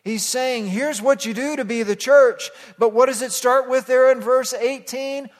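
A man preaching an expository sermon as pastor, moving from hushed passages to loud emphatic calls that the congregation repeats. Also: extremely high pitch, steady tone, unhurried. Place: church sanctuary. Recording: long hall reverb.

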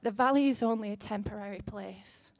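A woman in her thirties preaching a sermon in an earnest, gently conversational way, with fillers here and there. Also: medium pitch, a little fast, vocal fry, dry recording.

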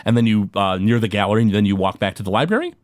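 A man narrates a tabletop role-playing session as game master, stopping and starting with plenty of fillers. His voice sits low but swings widely in pitch, and the recording is dry and close. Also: dry recording. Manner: halting, many fillers, animated.

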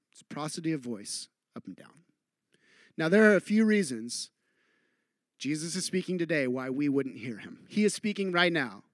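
A middle-aged man preaching a sermon as pastor, earnest, dropping to a hush on key lines and acting out quoted voices with humor. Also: high-pitched, no room sound, studio quality.

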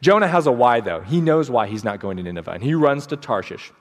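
A man's voice: mid-range voice, sing-song, fast talker. A man preaching a sermon as pastor, storytelling with energy and acting out the quotes in changing voices. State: sleep deprived. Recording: long hall reverb.

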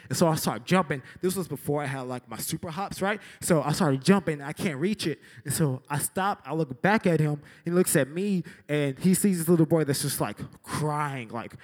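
A young man teaching a lesson through an animated story, acting out scenes with sound effects and saying "like" a lot. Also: fairly high pitch. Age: young adult. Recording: echoey hall with long reverb.

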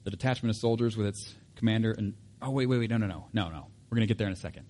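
A man's voice: lowish voice, very fast, a little mellow. A man preaching a sermon in a casual, conversational way, with asides and self-corrections. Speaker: pastor.

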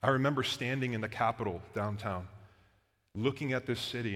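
Conversational pastor in a reverberant hall. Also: male voice, mid-range voice, brisk, a bit bright. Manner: conversational, storytelling with filler words. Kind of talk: sermon. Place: church auditorium.

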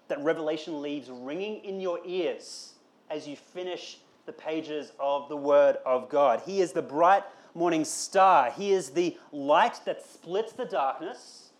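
A man's voice: fairly high pitch, slow pace, a little mellow. A man preaching a conversational sermon, asking rhetorical questions and building to emphatic calls. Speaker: pastor.

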